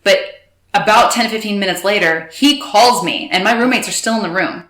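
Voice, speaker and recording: A woman recounting a personal story with emotion, halting and restarting, quoting others in quick bursts. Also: medium pitch, a bit bright, reverberant. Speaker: guest telling her story.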